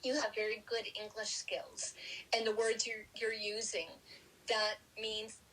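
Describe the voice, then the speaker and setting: Brief: woman doing a serious, old-school male surgeon, calm and reassuring, with a husky tone. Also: mid-range voice, measured pace, far from the mic, low-quality recording.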